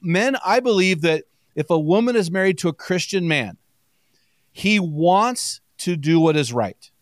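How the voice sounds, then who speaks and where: An energetic man telling stories on a podcast, slightly high-pitched for a man and quick to laugh. The sound is dry and close, with no room echo. He talks fast and keeps the chat casual. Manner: energetic storyteller, quick and chatty, laughs often. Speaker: podcast guest.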